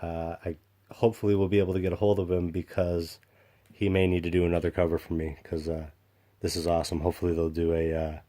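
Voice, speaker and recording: A man casually showing off comic books in a rambling vlog, excited and full of fillers and restarts. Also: low voice, fast. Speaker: comic book collector vlogger. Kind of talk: casual show-and-tell vlog.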